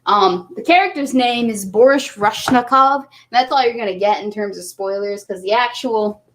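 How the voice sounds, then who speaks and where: A woman hosting her own channel, chatting casually to viewers while a little tipsy, rambling and easily distracted. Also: moderate pace. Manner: rambling, easily distracted, jumps around in pitch. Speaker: channel host.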